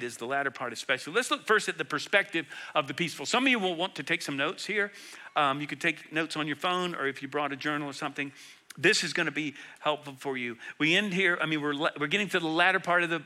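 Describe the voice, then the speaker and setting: A middle-aged man preaching to his congregation, his voice very bright and ringing, pitched a little high for a man. He moves between loud, emphatic declarations and soft, hushed passages, always earnest. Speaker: pastor. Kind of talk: sermon.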